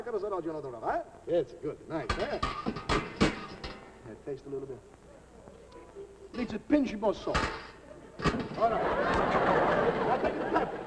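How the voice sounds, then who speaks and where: A boisterous, excitable middle-aged Italian cook, mangling his English and drifting into mock-Italian double-talk in a thick put-on accent. His voice sits high for a man. The sound is a scratchy, hissy early television recording. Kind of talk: live TV comedy sketch.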